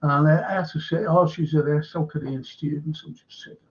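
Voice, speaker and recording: A livestream host with a higher male voice tells a drawn-out, swear-laden story at a brisk clip. His intonation stays fairly even, and the recording has the flat, lo-fi quality of stream audio.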